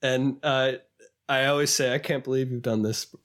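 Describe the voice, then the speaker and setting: A man co-hosting a podcast in casual chat, animated and sometimes quoting clips in a higher put-on voice. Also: moderate pace. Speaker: podcast co-host.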